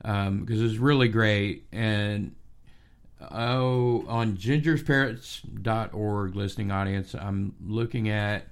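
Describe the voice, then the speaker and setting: A man's voice: lowish voice, takes it slowly, smooth. A man hosting a radio interview, talking hesitantly with many fillers. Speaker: radio show host.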